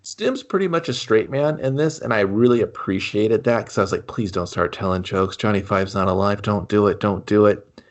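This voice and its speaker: A man co-hosting a casual movie review podcast, joking and acting out scenes in quick put-on voices. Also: on the low side, dull audio. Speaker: podcast co-host.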